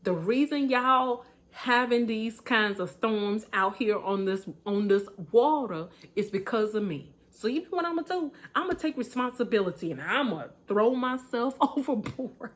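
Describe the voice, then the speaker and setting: A man's voice: extremely high pitch, expressive, moderate pace, few pauses, a bit bright. A woman voicing a repentant male prophet. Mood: confessing. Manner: plain confessional speech.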